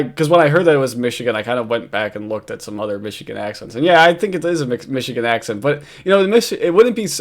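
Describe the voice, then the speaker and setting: Laughing New York man riffing. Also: mid-range voice. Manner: laughs often, swears, mocks and rambles. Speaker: commentator. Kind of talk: casual reaction commentary.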